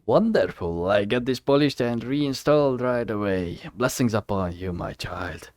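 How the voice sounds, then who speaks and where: A man doing a hushed kindly old priest. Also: fairly low pitch, unhurried, no room sound, studio quality, close to an everyday voice.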